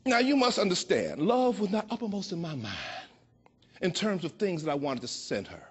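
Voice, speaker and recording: A man in his sixties from Chicago, telling a personal story with a playful, expressive delivery that slows down for emphasis. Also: high voice, breathy edge. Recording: dull lo-fi recording.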